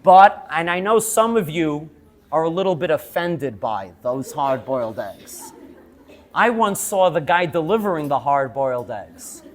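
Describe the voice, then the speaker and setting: A male teacher lecturing students. He tells lively stories, laughs as he goes and keeps checking in with "yes?". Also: fairly high pitch, measured pace. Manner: laughs while telling stories.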